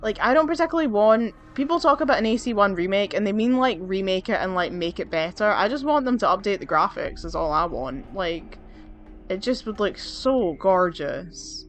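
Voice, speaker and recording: A woman's voice: medium pitch, normal speed, soft background music. Chatty woman swearing through gameplay. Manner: chatty, swears freely, excitable. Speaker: let's play gamer. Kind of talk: casual gameplay commentary.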